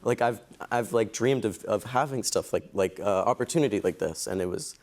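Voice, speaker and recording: A young man as a talk-show guest, telling excitable, fast anecdotes full of "like" in a TV studio. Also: on the low side. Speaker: actor guest. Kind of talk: animated talk-show storytelling. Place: TV studio with audience.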